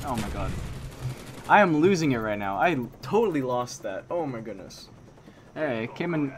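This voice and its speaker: Excitable man commentating a shooter game. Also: mid-range voice, moderate pace. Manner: excitable, frequent exclamations and groans. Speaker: gameplay commentator. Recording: game gunfire noise behind voice. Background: video game gunfire and explosions.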